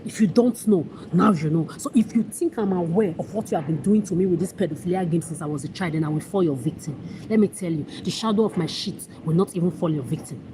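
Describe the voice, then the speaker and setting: A woman's voice: fairly low pitch, fast talker, few pauses, noisy background. A woman vlogger delivering an angry, accusatory monologue to camera in a ranting, contemptuous manner.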